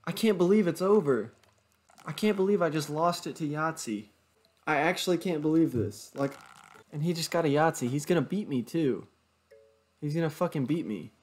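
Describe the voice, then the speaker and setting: A man's voice: fairly high pitch, expressive, moderate pace, a little mellow. A young man commentating his own gameplay, exasperated, swearing and groaning at his bad luck. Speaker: gaming YouTuber.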